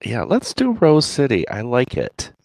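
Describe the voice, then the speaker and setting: A man hosting a casual livestream chat as author and editor, laughing often and filling pauses with "uh". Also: mid-range voice, wildly swooping pitch, darkish tone, no room sound. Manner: laughs often, many fillers.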